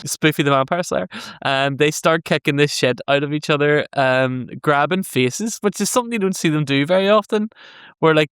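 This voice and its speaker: A man's voice: a little high, moderate pace, a bit bright, clear, resonant tone, no room sound, studio quality. A man co-hosting a podcast, recapping an episode in casual, sweary chat and laughing often. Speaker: podcast co-host.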